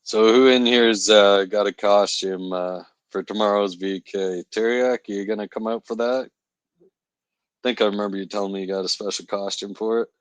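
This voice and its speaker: A man's voice: lowish voice, steady tone, normal speed, no room sound. A young man filling in as host of a live stream, chatting casually with viewers, laughing often and talking into a phone microphone. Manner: chatty, laughs often, reads and answers chat.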